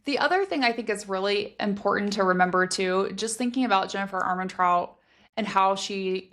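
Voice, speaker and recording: A woman co-hosting a podcast tosses around theories about a fantasy novel, thinking aloud casually and peppering her talk with "like." Her voice sits in the mid range and is a bit bright.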